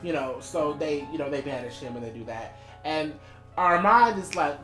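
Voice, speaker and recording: A woman with a fairly low voice co-hosting a casual podcast. She retells scenes with animation, acting out the quotes. She sounds roomy and echoey, with faint music behind her. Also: lively intonation, normal speed, fairly bright tone. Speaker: podcast co-host.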